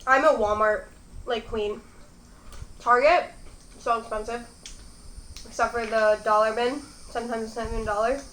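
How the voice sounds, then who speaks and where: A woman's voice: a little high, fairly even intonation, normal speed, long pauses, a bit bright, slight background noise. Chatty young woman in an echoey room. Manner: rambling, chatty, talks between bites. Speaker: mukbang host. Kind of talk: casual chat while eating.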